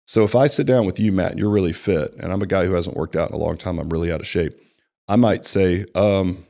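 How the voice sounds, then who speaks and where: A man with a lowish voice coaches staff on the sales conversation in an easy, talky way. He acts out both sides of the client meeting with animated shifts and keeps checking in with a quick "right?". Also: gravelly. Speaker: personal training franchise executive. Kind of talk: conversational sales training talk.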